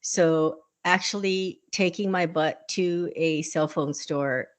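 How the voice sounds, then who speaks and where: A woman's voice: lowish voice, takes it slowly. Chatty older woman telling a story. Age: 60s. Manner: chatty storyteller, laughs often, acts out quoted voices. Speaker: podcast co-host. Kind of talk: casual chat.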